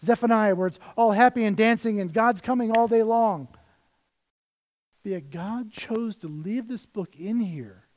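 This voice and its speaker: Male pastor, high voice, casual preaching with loud and soft swings. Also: measured pace. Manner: conversational preaching, rises and drops in volume. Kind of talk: sermon.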